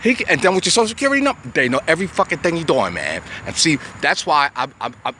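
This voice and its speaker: Very animated and fast, with a slightly high, bright and forceful voice, this American man in his sixties unleashes a profane, rambling rant to the camera. Stammering restarts and repeated words break up his agitated delivery. He's outdoors on a city street, with faint traffic in the background.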